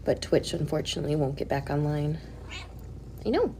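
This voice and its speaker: Woman chatting on a home stream, soft and cooing, whispers sometimes, noisy background hiss. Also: deep voice, animated, brisk. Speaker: livestreamer. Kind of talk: casual livestream chat. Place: at home beside a cat.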